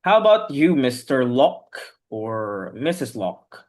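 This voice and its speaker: A man's voice: medium pitch, very animated, takes it slowly. A man teaching an online English class over a video call, patiently correcting his students' pronunciation word by word.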